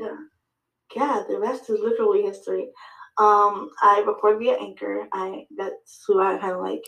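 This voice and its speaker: A woman guesting on a podcast, telling her story in lively fashion, acting out her own dialogue, with many fillers and restarts. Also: mid-range voice, moderate pace, gravelly, echoey room, rough recording. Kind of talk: casual interview chat.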